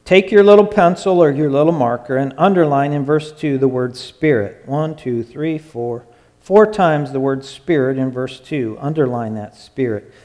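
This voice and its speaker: A man preaching a sermon in an emphatic way, stretching out his phrases and sometimes dropping to a hush. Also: mid-range voice, moderate pace. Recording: long hall reverb.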